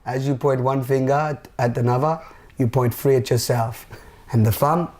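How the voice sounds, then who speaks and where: A man doing a put-on Indian accent as a wise male swami, reciting a saying slowly and deliberately. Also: mid-range voice, fairly even intonation, heavy background noise, natural voice. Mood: sage.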